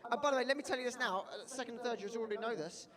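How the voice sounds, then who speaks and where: High-voiced male comic, rambling and self-deprecating; live room with reverb and audience. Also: racing. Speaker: stand-up comedian. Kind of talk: stand-up set. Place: student bar venue. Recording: reverberant hall with loud crowd.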